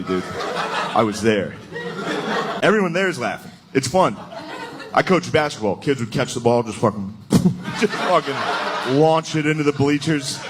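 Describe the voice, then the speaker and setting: A man's voice: mid-range voice, background noise. A male stand-up comedian telling crude, rambling stories, often breaking into laughter. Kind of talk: stand-up set.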